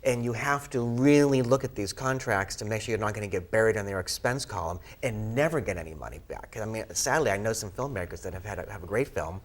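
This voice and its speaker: A man with a Boston accent talking casually as a guest filmmaker on a local cable show, animated and laughing easily. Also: lowish voice, fast, few pauses. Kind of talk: casual chat.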